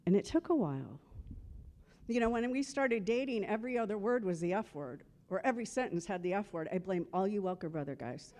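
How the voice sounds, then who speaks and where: At a memorial service, a woman eulogizes her husband with humorous stories, acting out old conversations. Her medium-pitched voice is brisk and darkish, with lively intonation.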